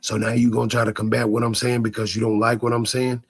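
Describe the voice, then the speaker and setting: Male streamer, husky and rough-edged; rants at chat, cursing, repeating himself. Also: mid-range voice, completely flat delivery, fast. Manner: repetitive, stammering restarts, profane. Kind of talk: ranting live stream to chat.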